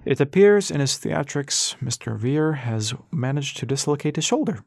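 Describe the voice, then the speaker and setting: Deadpan joking attendant, put on by a male narrator, dry sound. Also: fairly high pitch, normal speed, vocal fry, no echo. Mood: wry.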